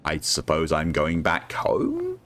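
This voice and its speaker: A man talks casually over a game he is streaming. He cracks corny jokes in a chatty, playful way, his voice moving lively in pitch. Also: takes it slowly, a little hiss or hum. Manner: jokey, chatty, laughs at his own puns. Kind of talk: casual gameplay commentary.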